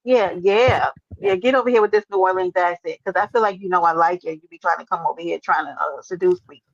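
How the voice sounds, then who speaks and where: A woman's voice: on the low side, fast, no room sound. Brash woman stream host who teases guests and curses easily; dry, slightly muffled stream audio. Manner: brash, teasing, swears freely. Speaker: livestream host. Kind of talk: casual livestream chat.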